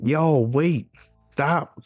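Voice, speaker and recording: A man's voice: a little high, extremely slow, no room sound, faint music behind, voice pushed up. A man voicing a frantic giant who chases sleepwalking kids while reading a manga aloud, with alarmed, breathless calls.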